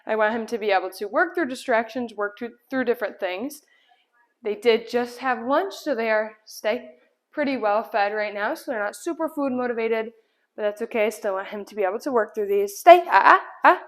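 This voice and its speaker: Woman, dog trainer, fairly high voice, calm explanations, firm short commands. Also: normal speed. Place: indoor room at home.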